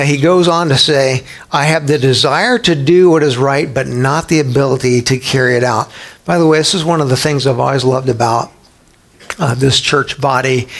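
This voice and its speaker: A man preaching a sermon in a conversational, animated way, acting out quotes and prayers as he teaches. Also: medium pitch. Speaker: pastor.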